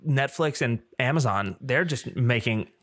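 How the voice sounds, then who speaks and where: A man's voice: medium pitch, a little slow, fairly bright tone. A man co-hosting a podcast in casual chat, eager and keen, calling his friend "dude" often. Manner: enthusiastic, says "dude" a lot. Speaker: podcast co-host.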